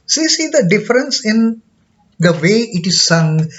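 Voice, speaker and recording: A high-voiced man with an Indian English accent teaches a scripture lesson at an unhurried pace, pausing often on fillers and repeating himself. His pitch swings widely, and he chants verses slowly. The recording sounds dull and lo-fi. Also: very animated, a bit bright.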